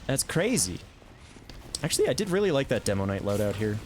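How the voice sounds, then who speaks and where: A man streaming a video game, chatting casually about his plays with self-amused asides and quick reactions. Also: mid-range voice, sing-song, background noise. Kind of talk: casual gameplay commentary.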